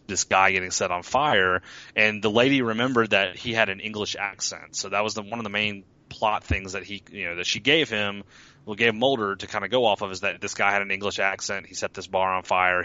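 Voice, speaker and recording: A man talks through a TV episode in a loose, rambling way, stopping and restarting often. His voice sits on the low side with a bright, forceful edge. The sound is dry and a little dull, like a lo-fi recording. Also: no echo. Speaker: podcast co-host recapping a TV episode. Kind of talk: casual chat.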